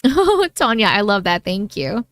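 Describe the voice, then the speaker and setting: A woman's voice: mid-range voice, very animated, a little slow, no room sound, clean studio sound. A woman with a Long Island New York accent, hosting a livestream and chatting in a bubbly way, thanking viewers by name. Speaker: livestream host and story reader. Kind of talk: casual livestream chat with viewers.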